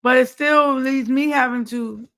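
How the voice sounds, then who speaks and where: Laid-back woman with a slightly high voice. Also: fairly even intonation, unhurried, a bit bright. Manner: laid-back, unbothered, matter-of-fact. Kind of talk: casual chat.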